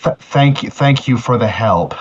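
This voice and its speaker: A man's voice: medium pitch, animated, normal speed, a loud crowd, lightly acted. A man voicing an earnest pony healer with a solemn manner who often restarts his phrases, in a tabletop game. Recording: muffled lo-fi audio.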